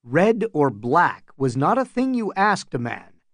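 A man narrating an audiobook in calm, measured storytelling. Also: a little high, no room sound.

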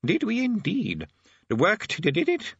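A man's voice: sits high, wildly swooping pitch, takes it slowly, creaky, fairly bright tone, slightly rough, dry recording, lo-fi sound, pitched above the performer's own voice, heavily acted. A man voicing a sleepy, befuddled ancient male archchancellor who stammers and is hard of hearing. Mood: vague.

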